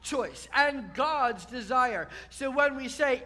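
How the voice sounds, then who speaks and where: Emphatic high-voiced male preacher. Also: animated, slow. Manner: emphatic, repeats key words, builds to loud peaks. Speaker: rabbi. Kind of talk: sermon.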